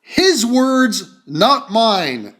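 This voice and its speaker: Man ranting in an angry reaction commentary, profane and insulting, a voice that swings widely up and down in pitch. His delivery is animated and pointed throughout. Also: drawn-out words. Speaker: commentary video host.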